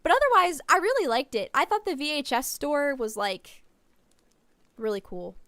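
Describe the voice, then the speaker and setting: Excitable woman streamer gushing over a game. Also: high-pitched, normal speed, no echo. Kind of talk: let's play commentary.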